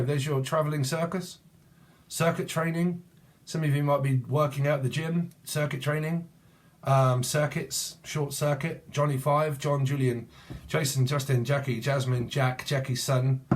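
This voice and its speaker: A middle-aged man talks straight to camera through a tarot reading. He hops from one loose word association to the next, swears casually and laughs at his own jokes. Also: mid-range voice. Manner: swears freely, jumps between word associations, laughs at himself. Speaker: tarot reader.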